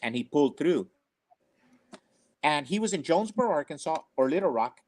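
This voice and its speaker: An older man tells family stories in an earnest, rambling manner, circling back and repeating himself as he goes. His voice sits slightly on the high side. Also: lively intonation, moderate pace, a little mellow. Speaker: storyteller on a family talk show. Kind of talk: casual personal storytelling.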